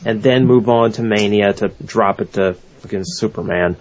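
A man's voice: lowish voice, moderate pace, darkish tone, a little hiss or hum. Wry swearing man, lo-fi podcast. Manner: swears freely, wry and exasperated. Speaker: podcast co-host. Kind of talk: casual wrestling podcast chat. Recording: dull lo-fi audio.

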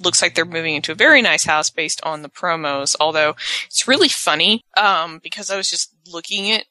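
A woman's voice: fairly low pitch, brisk, dry recording. A woman co-hosting a podcast, chatting casually and animatedly as she recaps a reality show. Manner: chatty, animated, slips into quoted voices. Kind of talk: casual chat.

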